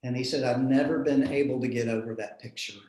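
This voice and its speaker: A man, a minister telling a personal story in an earnest, reflective way with soft chuckles. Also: medium pitch, fairly even intonation, brisk. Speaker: minister in a panel discussion. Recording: roomy echo.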